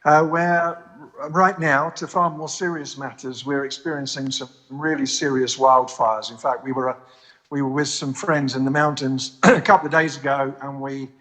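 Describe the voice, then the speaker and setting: A man from the United States calling into a live show, talking in a wry, self-deprecating, halting way. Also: medium pitch, fairly even intonation, bright, forceful tone. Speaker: guest on phone. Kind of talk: casual call-in chat.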